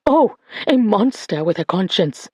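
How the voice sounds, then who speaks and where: A woman voicing an elderly woman who is fierce and accusing, with a sharp edge to her speech. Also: mid-range voice, very animated, a little slow, breathy edge, no room sound, studio quality. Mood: furious.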